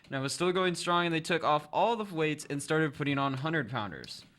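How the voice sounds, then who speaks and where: A man's voice: a little high, expressive, normal speed, fairly bright tone, slight background noise. A teenage man co-hosting a student podcast, chatting casually and telling a story with animation and frequent laughs. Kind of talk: casual chat.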